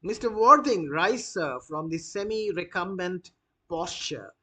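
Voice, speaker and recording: A man reading the lines of a stern, imperious older aristocratic woman, raised higher and louder than his usual talk. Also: expressive, measured pace, full character voice.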